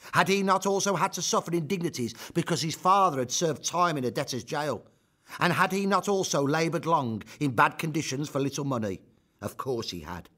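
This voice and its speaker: A man narrating a scripted historical account, measured, with rhetorical questions. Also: a little high, lively intonation, pushed and bright.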